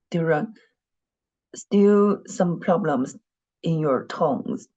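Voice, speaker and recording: A woman leads an online dictation lesson, speaking patiently, repeating words and often clearing her throat. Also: low voice, very slow, mellow, lo-fi sound. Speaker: Mandarin teacher.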